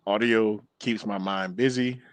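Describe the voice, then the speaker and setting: Low-voiced veteran man, reflective and dry. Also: fairly even intonation, a little slow, no room sound. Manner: reflective, earnest, candid. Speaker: army veteran. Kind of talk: casual chat.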